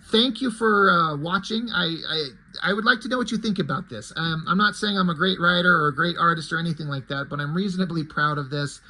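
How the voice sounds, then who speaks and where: A man's voice: on the high side, a little fast, few pauses, pushed and bright, a little hiss or hum, low-quality recording. A man casually walking through the pages of his own fan comic, retelling it in a loose, rambling way with many self-corrections.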